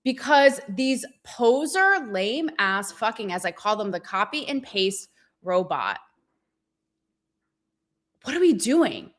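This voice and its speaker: A woman hosting her show, talking candidly in a profane, animated, rambling and self-mocking way. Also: on the high side, slow pace, pauses often. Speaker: show host. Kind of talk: candid livestream monologue.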